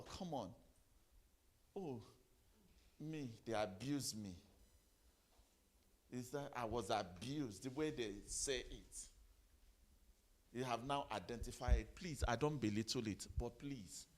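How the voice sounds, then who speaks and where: A middle-aged man giving a motivational sermon, firing rhetorical questions, repeating phrases and giving the audience commands. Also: mid-range voice. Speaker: motivational speaker.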